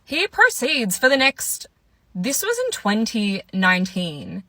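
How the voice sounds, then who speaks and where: A woman's voice: a little high, very animated, slow, bright, forceful tone, no room sound. A young woman in her twenties, casually telling a dating story and acting out what each person said. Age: 20s. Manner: chatty, quotes people in their voices. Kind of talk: casual story time monologue.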